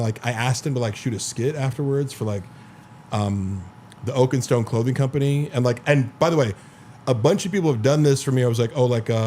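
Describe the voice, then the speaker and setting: A man with a mellow, mid-range voice hosts a podcast, spinning long, rambling stories in casual chat. His talk is packed with "like" and swearing, and there's a little hiss or hum on the recording.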